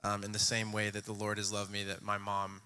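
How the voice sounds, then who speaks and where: A man reading a poem aloud slowly and deliberately in front of a church congregation. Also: lowish voice, completely flat delivery, pushed and bright, smooth. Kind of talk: poetry reading.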